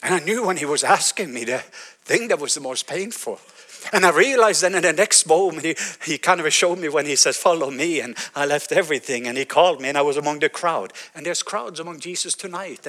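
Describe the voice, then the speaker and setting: A Norwegian man in his fifties with a Norwegian accent, preaching a sermon as an animated storyteller. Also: fairly high pitch. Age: 50s. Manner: animated storytelling, acting out his own quoted words.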